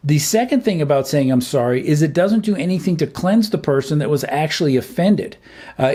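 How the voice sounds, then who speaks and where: A man's voice: fairly high pitch, dark tone. A middle-aged man hosting a family advice talk, speaking earnestly and plainly with frequent filler words. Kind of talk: direct-to-camera advice talk.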